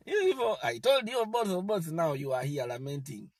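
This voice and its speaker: Man, higher voice, lively mocking political rant, dry close mic. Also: moderate pace, no room sound. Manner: mocking, scolding and defiant, laughing at targets. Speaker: political commentator.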